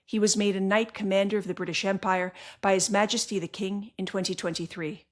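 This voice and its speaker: A woman's voice: medium pitch, fairly even intonation, brisk. A woman hosting an interview podcast who reads a scripted intro and asks earnest, enthusiastic questions. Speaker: podcast host.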